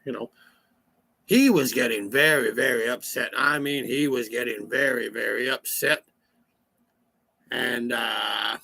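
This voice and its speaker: A man playing a rambling country cousin, telling a comic story in a slow, folksy way. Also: medium pitch, gravelly, sharp tone, slightly rough, no room sound, full character voice. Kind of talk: comic character monologue.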